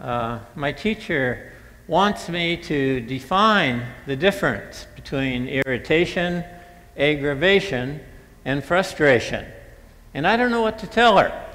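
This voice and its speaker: A man's voice: fairly high pitch, expressive, slow pace, fairly bright tone, voice pushed up. A man voicing a young boy who eagerly pleads with his great-grandfather for homework help. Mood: pleading. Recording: long church-hall reverb.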